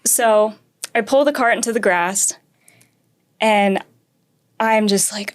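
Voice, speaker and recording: A woman's voice: mid-range voice, slow, long pauses. A young woman, a karting racer, telling a long story from her racing start in a casual interview, acting out quotes and laughing often. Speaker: karting racer, podcast guest.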